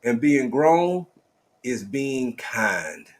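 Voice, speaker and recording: A man's voice: mid-range voice, very animated, extremely slow. A middle-aged man hosting a livestream, talking in a heartfelt, preacherly way and calling his listeners family. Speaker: livestream host. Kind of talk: casual live stream chat.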